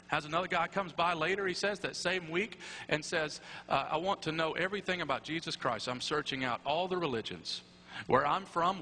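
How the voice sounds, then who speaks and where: A man's voice: mid-range voice, pushed and bright. A man preaching a sermon in a chapel, conversational, with tag questions and wry asides. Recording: echoey chapel with faint hum.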